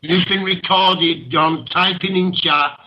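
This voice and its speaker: A man's voice: sits high, fairly even intonation, slow pace, muffled recording. A man hosting an internet radio show, talking with passion, ranting and laughing often. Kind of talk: impassioned talk radio monologue.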